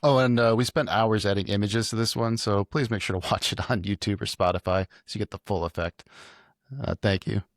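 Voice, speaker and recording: Low-voiced man co-hosting a podcast. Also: steady tone, fairly quick, no echo, clean studio sound. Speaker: podcast co-host. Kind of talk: casual podcast chat.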